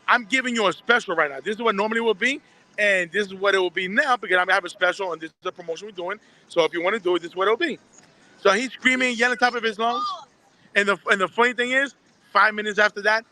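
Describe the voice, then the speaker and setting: A middle-aged man who runs a heating and repair business, telling stories as an interview guest in an excitable way, swearing and acting out his customers in loud bursts. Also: sits high, fast. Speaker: HVAC business owner, guest. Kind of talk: animated storytelling in an interview.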